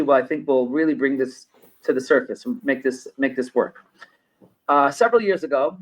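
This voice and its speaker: On a conversational podcast interview, a middle-aged New York business consultant appearing as a guest makes his points through personal anecdotes, repeating phrases for emphasis. His voice is medium-pitched, and the recording is rough.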